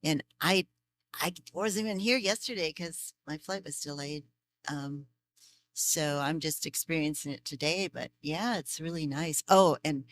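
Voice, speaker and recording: A chatty voice actress fields fan questions at a convention panel, telling stories with plenty of laughter. Her voice sits somewhat low for a woman yet sounds bright and forceful. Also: a little hiss or hum. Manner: chatty, laughs often, animated storytelling. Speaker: voice actress guest.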